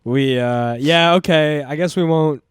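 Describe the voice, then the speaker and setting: Man, comedian co-host, congested but clear-toned, deadpan, dry close sound. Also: fairly high pitch, a little slow, no room sound. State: stuffy, inflamed sinuses. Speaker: podcast co-host, stand-up comedian. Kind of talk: casual chat.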